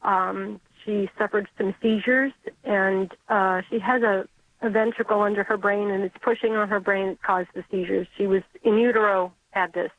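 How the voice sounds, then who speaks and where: A middle-aged woman from Connecticut calling in to a radio show, speaking haltingly as she searches for words. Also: mid-range voice, steady tone, slight background noise. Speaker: radio caller. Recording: tinny dry phone line.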